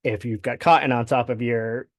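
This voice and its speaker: A man's voice: medium pitch, fairly even intonation, moderate pace, no echo, studio quality. A man talking as a sports dietitian guest on a podcast interview, explaining things in detail and tagging sentences with "right?". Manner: explanatory, with frequent "right?" tags and fillers.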